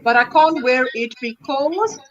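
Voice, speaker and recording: A high-pitched woman hosts a casual livestream, reading out viewers' comments and chatting back about them. The sound is dull and lo-fi. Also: expressive, unhurried. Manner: reads comments aloud and reacts warmly. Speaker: livestream host.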